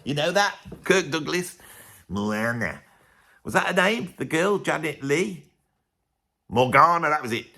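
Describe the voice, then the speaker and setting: A man, a music vlogger, ranting to camera in a casual, opinionated way, sarcastic and swinging between loud outbursts and muttered asides. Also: fairly high pitch, moderate pace, vocal fry, few pauses, breathy edge.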